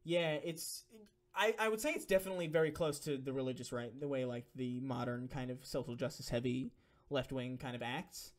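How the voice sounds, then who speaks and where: A young man hosts a casual live-stream Q&A, reading donation messages and answering viewers in a rambling, profane, filler-heavy way. His voice is mid-range and fairly quick.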